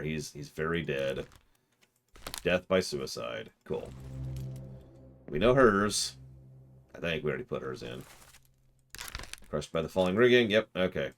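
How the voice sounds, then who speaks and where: A man's voice: extremely low pitch, gravelly, a little hiss or hum. A man streaming a game and chatting with his viewers, rambling as he works through puzzles aloud. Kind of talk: casual livestream commentary.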